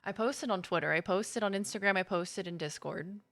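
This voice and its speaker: A woman's voice: mid-range voice, moderate pace, fairly bright tone. A woman streamer in casual live chat, playfully greeting viewers by name. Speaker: gaming streamer.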